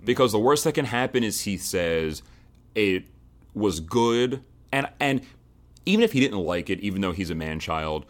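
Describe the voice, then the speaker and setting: Deep-voiced man co-hosting a podcast. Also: animated, moderate pace. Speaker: podcast co-host. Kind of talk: casual chat.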